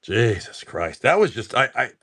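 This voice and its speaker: A man's voice: mid-range voice, big pitch swings, normal speed, a bit bright. A man hosting a casual livestream, opening card packs, often swearing and exclaiming over the pulls.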